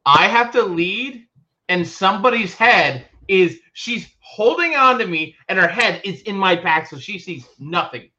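A man co-hosting a casual podcast tells stories with lively animation, acting out the voices of people he quotes. His voice is bright and forceful. The recording sounds dull and lo-fi. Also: high voice, unhurried. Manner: animated storyteller, acts out quotes loudly. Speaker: podcast co-host. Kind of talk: casual chat.

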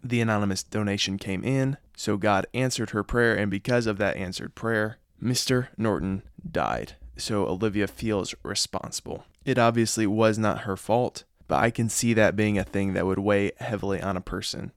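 A man giving an earnest, reflective spoken review of a drama episode, often pausing to muse and admitting he is unsure. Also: on the low side, clean tone, dry recording, studio quality.

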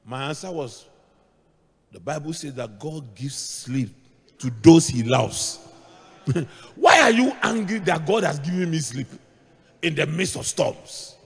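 A middle-aged male pastor preaching a sermon, moving between hushed asides and shouted points as he tells stories. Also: on the high side, expressive, unhurried, creaky, husky. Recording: long hall reverb.

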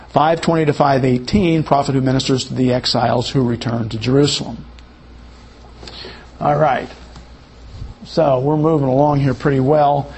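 A man teaching a Bible study lesson in an unhurried, explanatory way, correcting himself as he goes. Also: a little high, darkish tone, breathy edge.

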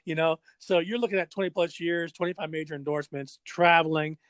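Speaking a little fast in a fairly high voice with no echo, this middle-aged drummer and former pro skateboarder spins animated stories during a relaxed interview, performing voices and sound effects as he goes.

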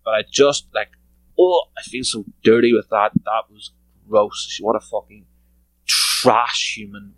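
A man's voice: on the low side, a bit bright, no room sound, low-quality recording. A man hosting a solo podcast, ranting in a sarcastic, profane, mocking way. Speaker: podcast host.

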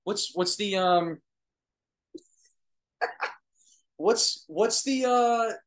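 A man's voice: sits high, slow pace. Chatty young New York man, dude-heavy. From Long Island, New York. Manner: excitable, chatty, says dude and bro, restarts and trails off. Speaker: oral surgery resident answering viewer questions. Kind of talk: casual livestream chat. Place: his apartment. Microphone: phone or webcam livestream.

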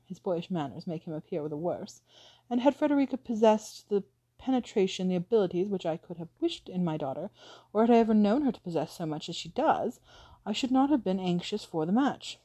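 A woman reading the lines of a smooth, scheming aristocratic widow in an audiobook, with a suave, persuasive manner. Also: medium pitch, dark tone.

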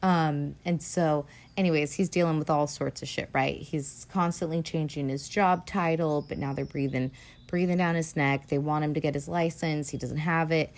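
A woman's voice: low voice, steady tone, moderate pace, darkish tone. A woman hosting a podcast, recapping a film in a rambling, casual way with lots of fillers and swearing. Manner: rambling, profane, filler-heavy. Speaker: podcast host.

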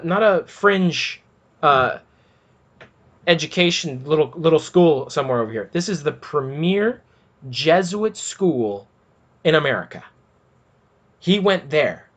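Guy doing fired-up religious commentary, kinda high voice, repeats stuff for emphasis. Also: fairly bright tone. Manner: emphatic, repeats words for stress.

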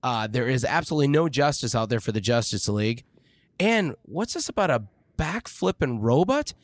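Lively, upbeat male podcast host. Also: mid-range voice, moderate pace, no echo. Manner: jokey, upbeat show-runner. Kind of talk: casual chat.

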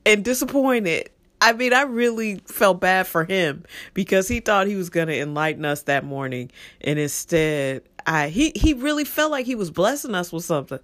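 Young adult host, casual solo storyteller, laughs often, mid-pitched voice, dry close sound. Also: a bit bright, no room sound. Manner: rambling, laughs often while telling the story. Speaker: podcast host.

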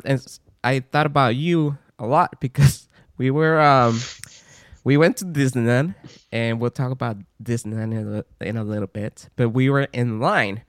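Male podcast co-host, mid-pitched, excitable rambling anecdotes, dry close sound. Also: dry recording. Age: adult parent. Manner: animated rambling storyteller, swears casually. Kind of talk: casual chat.

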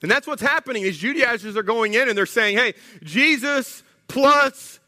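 A man's voice: high voice, fast. A man preaching a sermon as pastor, telling stories with humorous asides. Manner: animated storytelling, humorous asides. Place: church sanctuary. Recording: echoey church hall.

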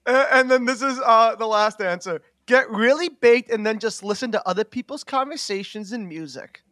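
A man's voice: very high-pitched, moderate pace, sharp tone, dry recording, clean studio sound. A young man co-hosting a podcast, rambling and giggly with lots of fillers. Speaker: podcast co-host. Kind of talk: casual chat.

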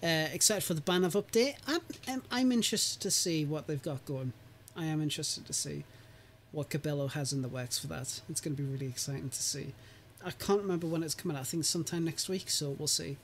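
A man's voice: on the high side, fairly quick, a little hiss or hum. A man hosting a podcast in casual chat, talking easily and laughing often. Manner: chatty, laughs often, restarts. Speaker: podcast host.

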